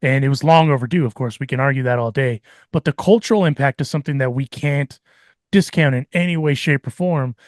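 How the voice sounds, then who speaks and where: A man's voice: medium pitch, a little fast, no room sound, clean studio sound. A man hosting a podcast, talking in a reflective, casual way and slipping into Spanish phrases. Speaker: podcast host.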